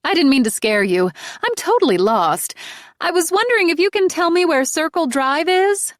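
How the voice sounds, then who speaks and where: A woman voicing a lost, apologetic woman driver who calls out loudly through the rain. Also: very high-pitched, very animated, normal speed, dry recording, studio quality, pitched above the performer's own voice. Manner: raised, calling out.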